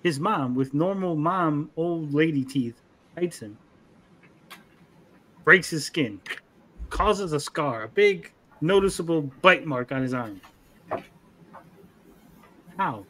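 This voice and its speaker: A young man co-hosting a casual anime review, animated, acting out character lines in funny voices. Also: fairly high pitch, slow pace, long pauses, a little hiss or hum. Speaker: podcast co-host.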